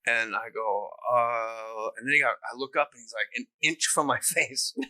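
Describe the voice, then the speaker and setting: Animated profane man telling stories. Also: mid-range voice, a little fast, rough recording. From New Jersey. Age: 50s. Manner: animated, profane, lots of laughter. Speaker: guest comedian. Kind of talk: casual storytelling interview.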